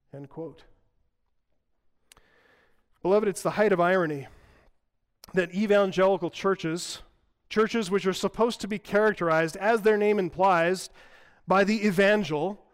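A male pastor preaches with a high, smooth, resonant voice. His delivery is emphatic and rhythmic, and he builds through repeated phrases. A long reverb trails each phrase in a church sanctuary. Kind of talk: sermon.

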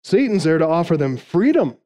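A man's voice: on the high side, very animated, fairly quick, warm tone. A man preaching an expository sermon, making numbered points emphatically and acting out quoted lines. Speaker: pastor.

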